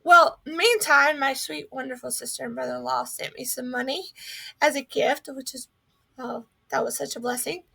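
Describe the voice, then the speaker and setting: A woman's voice: high-pitched, steady tone, moderate pace, vocal fry, sharp tone, husky. A young woman from North Carolina sharing a personal faith testimony, telling her story earnestly and acting out what she thought.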